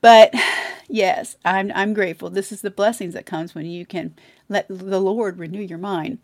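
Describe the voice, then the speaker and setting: A woman speaks in a middle pitch with heartfelt, sometimes tearful emotion as she shares a faith testimony. Her voice is recorded close and dry, with no room sound around it. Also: fairly even intonation, moderate pace, no room sound. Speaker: podcast co-host. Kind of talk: faith testimony and sponsor read.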